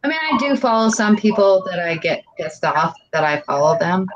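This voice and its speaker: A woman's voice: fairly low pitch, animated, normal speed, highs cut off, noisy background. A woman guest in a casual live-stream chat, talking in a rambling, earnest way, heavy on "like".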